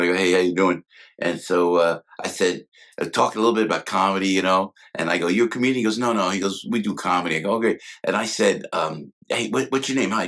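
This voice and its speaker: A man telling show-business stories as an interview guest, acting out the dialogue. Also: sits low. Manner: animated storyteller, acts out quoted dialogue. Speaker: guest, former comedy cast member. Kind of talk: casual storytelling interview.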